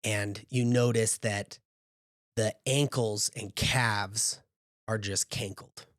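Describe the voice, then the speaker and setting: A man narrating a tabletop game as game master, describing scenes at an unhurried pace with casual asides. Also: on the low side, fairly even intonation, a bit bright, no echo, clean studio sound.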